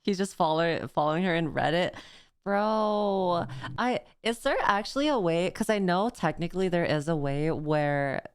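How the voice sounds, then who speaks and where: Smooth-voiced streamer woman reacting bluntly. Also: fairly low pitch, moderate pace, no echo, clean studio sound. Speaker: VTuber streamer. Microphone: phone face tracking, desk mic.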